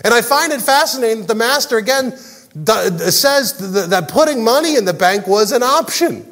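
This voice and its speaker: A man preaching a sermon as pastor, animated and jokey, acting out the characters' lines. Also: extremely high pitch, a little fast, big-room sound. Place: large church hall.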